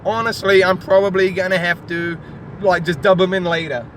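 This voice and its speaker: A high-pitched man, tipsy and animated, rambles through crude jokes while sitting in a car. Loud city traffic rumbles outside and fills the recording. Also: normal speed. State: tipsy from drinking. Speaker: vlogger host. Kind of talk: rambling casual banter. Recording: loud street traffic noise.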